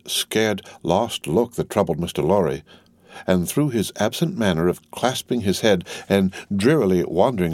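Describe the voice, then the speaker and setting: A man narrating an audiobook in a measured, steady reading voice. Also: sits low, dry recording. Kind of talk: scripted narration.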